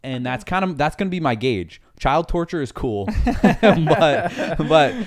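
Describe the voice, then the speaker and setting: A man in a casual book discussion who reasons aloud in a thoughtful way and often chimes in with quick agreement. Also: fairly high pitch, animated. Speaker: podcast co-host.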